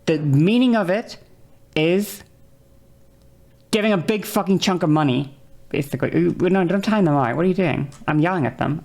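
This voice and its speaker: A woman streamer in a heated rant at her chat, her low voice catching on gravelly fry. She argues with exasperation and drops frequent curse words along the way. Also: darkish tone. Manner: exasperated, argumentative, swears often.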